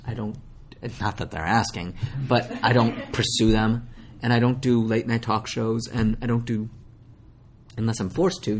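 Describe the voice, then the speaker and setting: Animated, self-deprecating man from Minnesota. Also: lowish voice, slight background noise. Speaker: actor guest. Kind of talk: casual interview chat.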